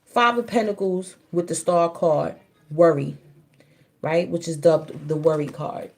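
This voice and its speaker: A woman's voice: fairly low pitch, a little slow. A woman giving a casual spiritual reading on a livestream, in a loose, chatty way. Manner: loose and chatty, breaks off to scold children.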